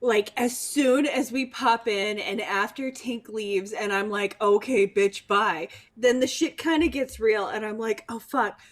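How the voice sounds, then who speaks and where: Excitable, swearing high-voiced woman. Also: unhurried, few pauses. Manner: profane, excitable. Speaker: player. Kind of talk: casual chat.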